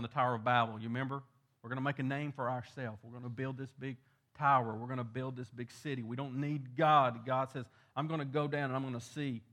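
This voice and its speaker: A man's voice: mid-range voice, a bit bright. A male pastor, preaching a sermon, building in emphasis on key points.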